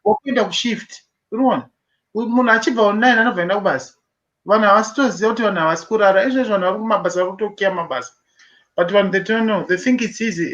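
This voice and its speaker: A man's voice: high voice, rapid-fire, fairly bright tone, lo-fi sound. A man with a Zimbabwean accent in a casual online chat, reflective and hesitant, with frequent fillers. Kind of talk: casual group discussion, mixing English and Shona.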